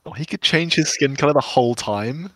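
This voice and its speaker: A man playing a tabletop role-playing game in a relaxed, laid-back way. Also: medium pitch, a little fast, dry recording. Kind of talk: casual tabletop role-play.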